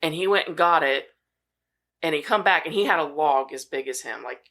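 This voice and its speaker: A woman's voice: low-pitched, a little fast, bright, forceful tone. A woman co-hosting a casual podcast chat, teasing the others and giggling while she tells a family story.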